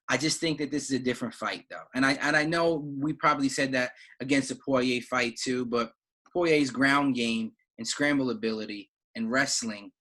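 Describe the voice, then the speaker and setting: A man co-hosting a podcast in a casual sports chat. His voice sounds bright and forceful. He talks with loose enthusiasm, repeating himself and dropping slang. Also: medium pitch. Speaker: podcast co-host.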